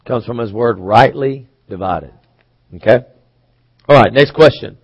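A man's voice: mid-range voice, expressive, slow, slightly rough, dry recording, rough recording. Preacher man with a dry close sound. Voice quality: occasional coughs. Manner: conversational, asks the congregation questions. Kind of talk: sermon teaching.

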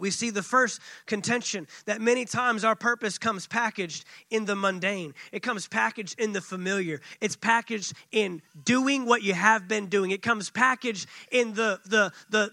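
A man's voice: sits high, normal speed, few pauses, bright, forceful tone, no echo. A man preaching a sermon as pastor. He speaks emphatically and repeats phrases for weight. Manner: emphatic, repetitive preaching with acted quotes.

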